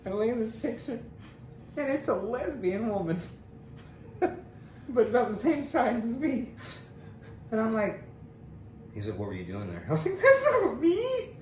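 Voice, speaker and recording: A man's voice: high-pitched, unhurried, long pauses, roomy sound, a little hiss or hum. A man co-hosting a podcast, telling a story in casual chat, laughing often and acting out the voices of the people in it. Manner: animated, laughing, mimics voices in quotes. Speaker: podcast co-host.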